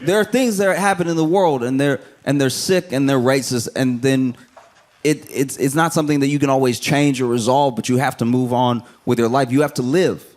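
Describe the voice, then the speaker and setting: A man's voice: medium pitch, a little fast, a little mellow. Rambling, conversational male stand-up comic. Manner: conversational, rambling, with frequent asides. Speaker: stand-up comedian. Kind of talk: stand-up comedy set.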